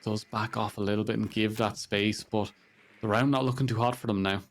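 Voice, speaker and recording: Irish man, esports play-by-play, lowish voice, brisk and dry, faint hiss behind. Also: steady tone. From Ireland. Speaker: esports caster. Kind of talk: play-by-play commentary.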